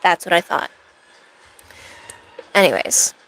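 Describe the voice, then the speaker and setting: A woman's voice: on the low side, slow pace, creaky, fairly bright tone, poor audio. A woman chatting casually with viewers on a cosplay live stream, rambling along with playful, self-mocking asides.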